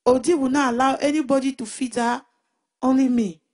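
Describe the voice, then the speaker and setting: Woman, high voice, personal testimony, halting, repeats herself, emotional. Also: steady tone, a little mellow. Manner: halting, with restarts and repeated words; emotional retelling. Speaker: speaker giving a Christian testimony.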